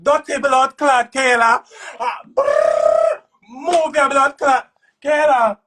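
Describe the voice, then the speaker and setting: A man with a Jamaican accent ranting loudly on a live stream, cursing and repeating himself. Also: very high-pitched, fairly even intonation, slow, recorded from a distance, slight background noise. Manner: loud, cursing, repetitive. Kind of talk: heated live-stream rant.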